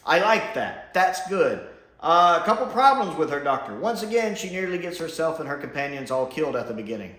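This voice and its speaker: A man's voice: on the high side, big pitch swings, moderate pace, fairly bright tone. A man giving a casual spoken episode review, blunt and sarcastic, with mocking asides. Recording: echoey room.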